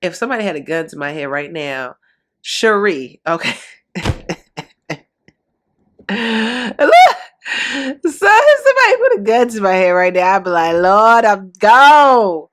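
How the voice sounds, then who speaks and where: A woman delivers casual reaction commentary on a reality show, blunt and full of gossip. Her voice sits in a middle pitch range, and she talks with lively, animated emphasis. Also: unhurried, pauses often.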